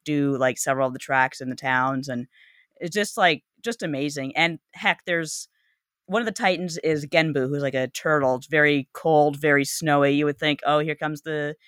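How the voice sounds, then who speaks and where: A woman's voice: low-pitched, moderate pace, a bit bright, no echo, clean studio sound. A woman co-hosting a casual podcast about games, talking eagerly and often restarting her sentences mid-thought. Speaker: podcast co-host. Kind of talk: casual enthusiastic game chat.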